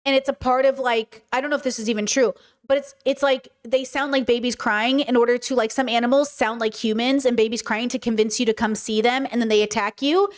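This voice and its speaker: Woman, high voice, livestream host, casual commentary, emphatic, rhetorical questions, loose fillers. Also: brisk, few pauses. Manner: animated, emphatic, reads and answers chat. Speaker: streamer and podcast host.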